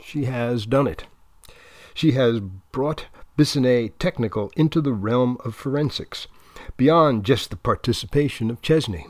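A man's voice: mid-range voice, unhurried, no echo. Male narrator, dry close sound. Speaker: audiobook narrator. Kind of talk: scripted narration.

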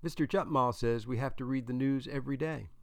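A man voicing a reluctant, mildly sullen teenage boy who gives flat replies. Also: mid-range voice, fairly quick, vocal fry, dry recording, close to an everyday voice.

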